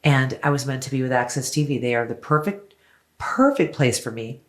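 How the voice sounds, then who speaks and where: A woman in her fifties from the United States, a singer chatting as an interview guest, telling lively stories and swearing freely. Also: very deep voice, fairly quick. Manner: animated storyteller, acts out quotes, swears freely. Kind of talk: casual chat.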